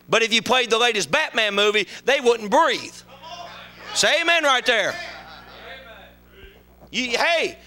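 Male preacher in his 40s, high and bright voice, lively sermon, acts out voices, shouts for emphasis. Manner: animated, shifts into voices for biblical characters and complainers.

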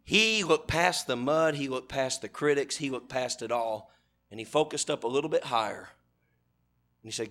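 A middle-aged man preaching a sermon, animated and humorous, acting out characters as he tells the story. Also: mid-range voice, moderate pace, pauses often.

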